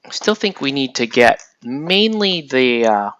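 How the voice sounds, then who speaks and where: Unhurried and medium-pitched, a man casually walks through painting a miniature, thinking aloud in a relaxed way and trailing off mid-sentence as in a tutorial. The audio has its highs cut off and a little hiss or hum.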